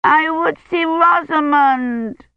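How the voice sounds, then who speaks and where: A woman's voice: a little high, a little slow, dry recording, voice pushed up, natural voice. A woman voicing a small, willful little girl who pleads and whines tearfully. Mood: pleading. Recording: tinny phone-like line.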